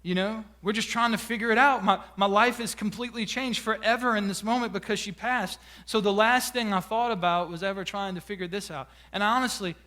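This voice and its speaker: A man's voice: high voice, steady tone, a little fast, few pauses, pushed and bright. A man, a pastor preaching a sermon and telling a personal story with emotion and frequent restarts. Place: church sanctuary.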